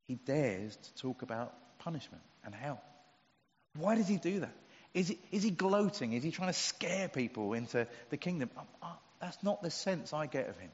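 Middle-aged male preacher, easygoing and funny, dull recording with a long church echo. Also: medium pitch. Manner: conversational, humorous, emphatic. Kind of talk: sermon. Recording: dull sound with long hall reverb.

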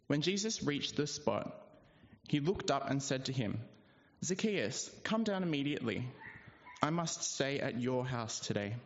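A man reading a Bible passage aloud in a steady, measured way. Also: medium pitch. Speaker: scripture reader. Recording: dull sound, long church reverb.

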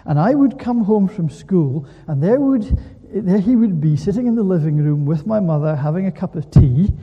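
A man preaching a sermon in an animated way, full of rhetorical questions, in a church. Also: high voice, moderate pace, husky, big-room sound, lo-fi sound.

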